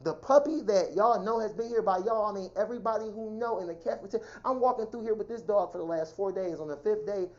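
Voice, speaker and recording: A woman venting in a heated, profane personal rant, talking fast and indignantly about how she has been treated. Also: medium pitch, a little mellow. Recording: dull lo-fi sound.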